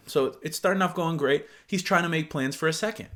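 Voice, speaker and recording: A man's voice: a little high, a little fast, few pauses, fairly bright tone. A young man from Michigan giving reaction commentary on text messages in an incredulous, exclaiming manner. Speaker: YouTuber.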